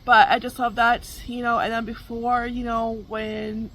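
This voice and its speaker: A woman's voice: fairly high pitch, completely flat delivery, unhurried, fairly bright tone, a little hiss or hum, poor audio. Chatty middle-aged woman, laughing. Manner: rambling, laughs often, many fillers. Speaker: vlog host. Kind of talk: casual chat.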